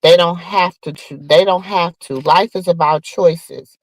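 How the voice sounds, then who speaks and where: A woman hosting a casual gossip show, talking straight to her viewers in an animated, chatty way. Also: on the low side, unhurried, dry recording, low-quality recording. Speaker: podcast host.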